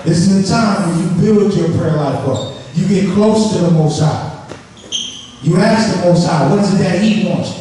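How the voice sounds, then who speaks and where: Preacher, male, high-pitched, lively call-and-response delivery, distant mic in a big reverberant hall. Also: moderate pace, a little hiss or hum. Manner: call-and-response preaching, acts out voices for laughs. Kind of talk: sermon. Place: large worship hall. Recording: echoey hall from far off.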